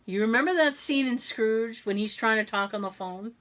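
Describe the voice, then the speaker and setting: Her voice sits a little high and moves at a normal speed as she co-hosts a podcast. She's an animated storyteller, sharing tales in casual chat and laughing often.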